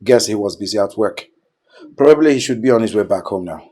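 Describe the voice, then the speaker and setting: A man's voice: on the low side, animated, brisk, warm tone, slightly rough, no echo. A Nigerian man in a film drama, talking casually and complaining. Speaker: housemate of the woman's boyfriend.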